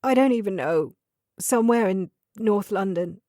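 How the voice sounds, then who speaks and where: A woman's voice: medium pitch, animated, moderate pace, mellow, no room sound, clean studio sound, lightly acted. A woman narrator voicing a distressed young woman whose clipped words give way to tears in an audiobook. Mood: distraught. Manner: clipped, then breaking into sobs.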